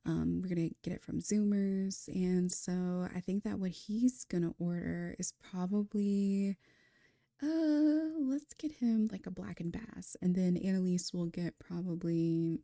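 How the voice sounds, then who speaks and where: Recorded dry and close to the mic, a young woman tells the story of her life-sim game in a casual, chatty way. Her voice sits on the low side and she speaks a little slowly, staying warm, laughing often, and dropping in fillers as she narrates her gameplay.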